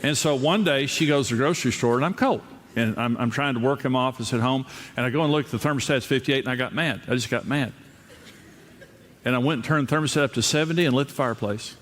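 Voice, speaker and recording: A man's voice: mid-range voice, quick pace, fairly bright tone. A man preaching a humorous sermon to a live crowd, telling self-deprecating stories about his marriage and often restarting and repeating words. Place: large auditorium before a crowd. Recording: reverberant hall with faint ambience.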